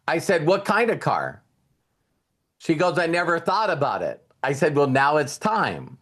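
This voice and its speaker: A man's voice: on the high side, huge pitch swings, unhurried, fairly bright tone. A man giving a casual motivational talk, telling a story and retelling conversations with repeated words and restarts. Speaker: motivational speaker.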